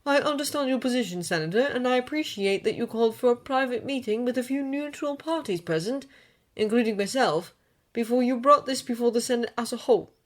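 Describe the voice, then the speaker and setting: A calm Jedi chancellor speaks in smooth, measured, diplomatic phrases, as a woman reads him aloud. His voice sits somewhat higher than the reader's own narration. It has the feel of a fan audiobook reading. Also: natural voice.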